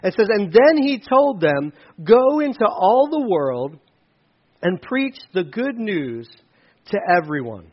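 A man preaching a casual sermon as pastor, conversational with self-deprecating asides and lively storytelling. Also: high-pitched, takes it slowly, lo-fi sound. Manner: conversational, self-deprecating asides, animated when telling stories.

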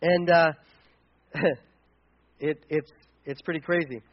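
A man with a rather high voice preaches a sermon in a loose, conversational way, often starting sentences over. The recording sounds dull and lo-fi. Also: steady tone, slow pace. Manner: conversational preaching with frequent restarts and fillers. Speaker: pastor.

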